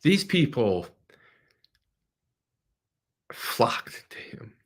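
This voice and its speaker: Gravelly-voiced man, heartfelt livestream talk. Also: mid-range voice, big pitch swings, extremely slow. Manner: rambling and heartfelt, with restarts. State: emotional. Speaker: business owner. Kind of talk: casual livestream monologue.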